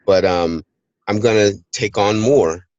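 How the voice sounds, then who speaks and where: Low-voiced man giving a casual pep talk. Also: unhurried, no echo, lo-fi sound. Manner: energetic, storytelling, plays out voices in quotes. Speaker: host of a team call. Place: hot place, remote recording.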